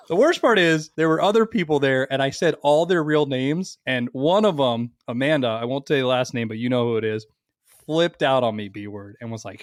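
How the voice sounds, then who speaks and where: A man co-hosting a podcast, telling crude stories loudly with frequent laughs. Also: mid-range voice, moderate pace, dry recording, studio quality. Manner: loud, laughing storyteller. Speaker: podcast co-host. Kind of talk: casual podcast banter.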